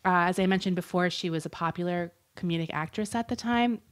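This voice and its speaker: On this podcast, a woman with a lowish, brisk voice co-hosts and tells a true-crime story. She keeps it casual and chatty, with plenty of fillers and lots of laughing.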